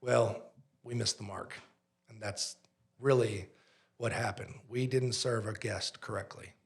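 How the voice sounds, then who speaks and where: A man who owns a pizzeria, a guest on a podcast, telling a story in an animated way and acting out the dialogue. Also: on the low side, measured pace, vocal fry.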